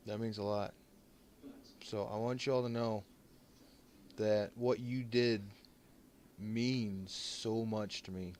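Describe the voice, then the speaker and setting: A man giving an emotional thank-you to his stream viewers, choked up and halting, restarting his sentences and pausing often as he holds back tears. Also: on the low side, a little hiss or hum. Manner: halting and heartfelt, many restarts and pauses.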